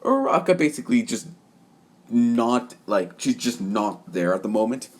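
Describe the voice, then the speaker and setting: A man's voice: mid-range voice, big pitch swings, a little slow. A young man narrating a fan story off the cuff, rambling with many fillers and self-corrections.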